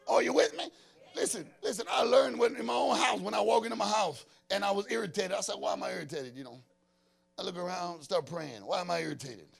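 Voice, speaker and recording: A man preaching a fervent sermon as an apostle, often shouting and breaking into prayer in tongues. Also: high-pitched, quick pace, vocal fry.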